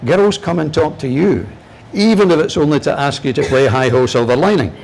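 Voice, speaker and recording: A man's voice: brisk, gravelly, slight background noise. A Scottish man in his seventies with a Glaswegian accent, giving a humorous, anecdotal lecture as a guest broadcaster. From Scotland. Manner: humorous, animated storyteller, shifting pitch for punchlines.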